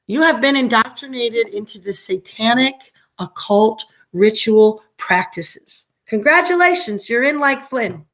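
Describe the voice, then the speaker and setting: A woman's voice: on the high side, animated, unhurried, hardly any pauses, fairly bright tone. A middle-aged woman hosting a casual livestream, impassioned and often repeating herself, her stream sometimes choppy. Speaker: livestream host. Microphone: internet stream with choppy audio.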